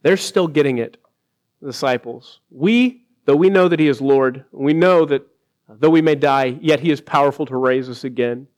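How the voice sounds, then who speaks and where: A man preaching a sermon in an earnest way, slowing down to stress key lines and rising when he quotes others. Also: medium pitch, darkish tone. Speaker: pastor.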